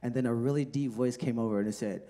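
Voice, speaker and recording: A man's voice: medium pitch, quick pace, warm tone. A man in his thirties doing a stand-up comedy set on a club stage into a handheld mic, loose and profane, chatting with the crowd and laughing at his own jokes. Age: 30s. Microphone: handheld microphone.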